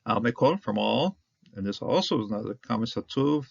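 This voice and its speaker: A man teaching a Hebrew Bible reading word by word, halting often with fillers and restarts. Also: on the low side, lively intonation, vocal fry, dry recording. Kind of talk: Bible language lesson. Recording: dry, dull lo-fi.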